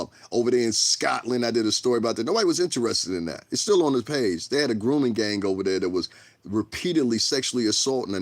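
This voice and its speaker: A man's voice: mid-range voice, no echo. A man giving a blunt, profane livestream rant, heated and rambling, repeating himself as he goes. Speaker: livestreamer and commentator.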